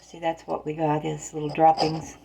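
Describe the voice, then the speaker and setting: A woman bakes in her home kitchen while casually telling folksy stories in plain, rural phrasing. Her voice sits low and monotone at a normal speed, gravelly, with background noise behind it.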